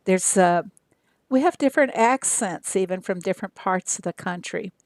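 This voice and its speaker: An older woman from Arkansas, chatting casually with viewers on her game livestream in an unhurried way with lots of fillers. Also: mid-range voice, no room sound, studio quality. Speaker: game streamer.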